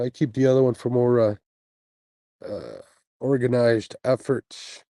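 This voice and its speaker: Laid-back man on a mellow stream. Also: medium pitch, measured pace, gravelly, no echo, rough recording. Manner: laid-back, chatty, with frequent fillers and little laughs. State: sleepy, yawning after a night without sleep. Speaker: host of a fishing channel, livestreaming. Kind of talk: casual livestream chat, reading viewer comments. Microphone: earbuds mic on a phone stream.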